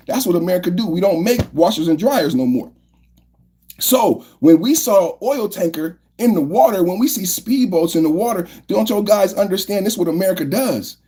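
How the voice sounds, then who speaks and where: A man's voice: high voice, lively intonation, normal speed, warm tone, breathy edge. A male podcast host doing political commentary, firing off repeated rhetorical questions and often asking viewers to like the video. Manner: repetitive, fired-up rhetorical questions.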